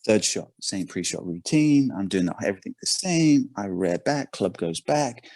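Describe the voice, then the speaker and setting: An English man, a performance coach, tells an animated story in a podcast interview, often repeating his words. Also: on the low side, moderate pace, no room sound. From England.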